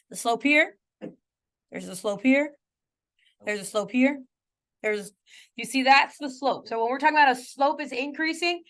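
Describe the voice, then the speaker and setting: A woman's voice: fairly high pitch, a bit bright. A woman teaching a math class, talking casually, often checking in with her students and joking about her own slips. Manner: playful self-mocking asides. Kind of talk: classroom lecture.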